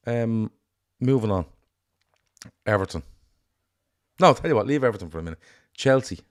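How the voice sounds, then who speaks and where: A man with an Irish accent co-hosting a casual football chat, blunt and sweary in an animated rant. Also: fairly low pitch, moderate pace. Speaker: podcast co-host.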